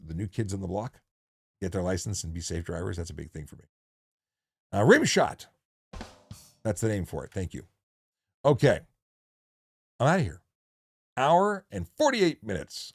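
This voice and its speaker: Hosting a casual livestream, a former police officer talks in a low voice with a fry edge, joking and rambling with many restarts as he circles back and corrects himself. The sound is close and dry, with no room tone and no echo.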